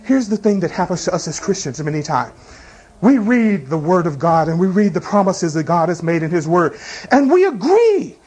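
Pastor, male, high-pitched voice, preaches with rhetorical questions and everyday illustrations. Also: fairly quick, darkish tone, breathy edge. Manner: preaching with rhetorical questions and congregation call-outs. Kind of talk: sermon.

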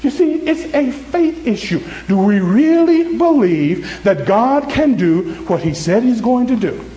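Guy preaching a sermon, pretty high voice, goes from worked up to real soft, does little voices for his stories. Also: a little slow, echoey room, rough recording. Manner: animated preaching, swinging between high excited and low soft tones. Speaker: pastor.

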